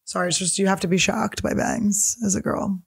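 A woman's voice: mid-range voice, little pitch movement, a little fast, vocal fry, husky. A woman comedian hosting a podcast, rambling in stream-of-consciousness style and swearing freely. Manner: rambling stream-of-consciousness, profane, jumps topics. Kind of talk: casual solo podcast chat.

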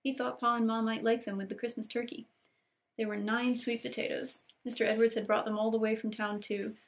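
Gently reading woman, gravelly and flat. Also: on the high side. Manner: gentle, unhurried reading, lingering on cozy details. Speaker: book channel host reading aloud. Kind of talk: storybook read-aloud with casual asides.

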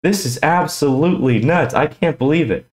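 A young man hosting a casual card-opening vlog, slangy and excitable, tossing "yo" into his talk. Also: on the high side, normal speed, echoey room, low-quality recording. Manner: excitable, slangy, says "yo" a lot. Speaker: YouTube card-opening host.

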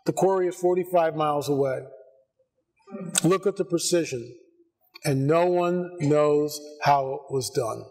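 An American man addresses a church audience with an animated, fairly high voice. He shifts between low, wry asides and sudden near-shouted bursts. The delivery is a live conference talk. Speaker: conference speaker. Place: church sanctuary before an audience.

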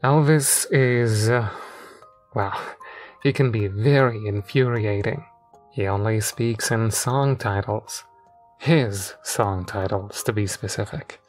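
A man voicing an exasperated older male manager who grows agitated and loud. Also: takes it slowly, faint music behind. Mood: confiding. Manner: raised, agitated, pitched up.

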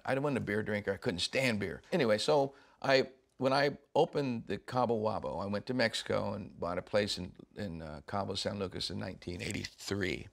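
A man's voice: fairly low pitch, creaky, fairly bright tone. An older man, a rock musician, telling stories in a casual interview, laughing often and acting out the voices of people he quotes.

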